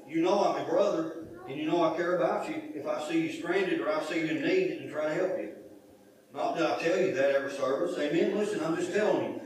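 A man's voice: a little high, brisk, a little hiss or hum. A middle-aged man preaching a sermon as pastor, talking in a folksy, conversational way and repeating himself for emphasis. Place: church sanctuary. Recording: echoey church sanctuary from a far mic.

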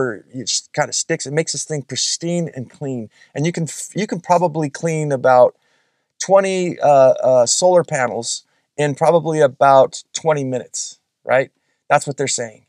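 A man's voice: on the high side, darkish tone, no echo, clean studio sound. A man hosting a solo podcast, talking casually and frankly, rambling with restarts and the odd swear word. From California. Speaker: podcast host.

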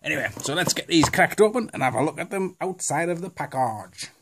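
A man's voice: a little high, lively intonation, brisk, fairly bright tone, husky. A man chatting casually through a toy unboxing, jokey and rambling, with lots of fillers and asides. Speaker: toy reviewer.

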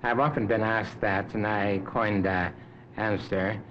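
An older man in his seventies with a lowish voice, giving slow, measured answers broken by pauses and fillers. The recording is dull and lo-fi, from the 1950s. A clear hiss runs under every word. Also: steady tone. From Canada. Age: 70s. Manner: measured, unhurried, many hesitations. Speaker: interview guest, Arctic explorer. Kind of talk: unscripted interview answers.

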